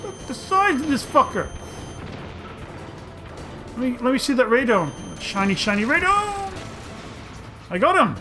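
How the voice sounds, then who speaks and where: A man giving excitable, profane gameplay commentary, often breaking into loud outbursts, over game music. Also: sits high, unhurried, long pauses. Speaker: let's play host.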